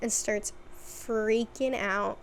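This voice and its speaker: A woman with a fairly high voice talks through a long recap in a loose, chatty way, leaning on "like" and dropping wry asides as she goes. A faint hiss sits under her voice. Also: fairly even intonation, very slow, vocal fry. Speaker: video essay host. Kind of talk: casual recap commentary.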